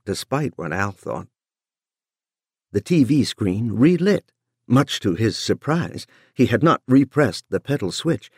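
A man narrating an audiobook in a measured, expressive reading. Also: medium pitch, gravelly, breathy edge, dry recording, studio quality. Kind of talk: scripted narration.

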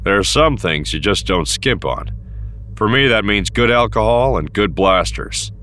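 An easygoing older rogue with a wry, bantering manner, as a male reader plays him. His voice is fairly low yet bright, moving up and down freely. He sounds relaxed and sure of himself. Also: unhurried. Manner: wry, easygoing, lopsided grin.

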